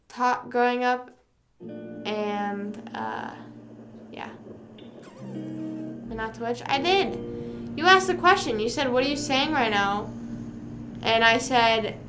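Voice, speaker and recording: Young woman streamer, high voice, chatty and playful, with music underneath. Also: a bit bright. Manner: chatty, reads rhymes aloud to chat, sings snippets. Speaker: livestream host. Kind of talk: casual livestream chat. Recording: music playing behind her voice.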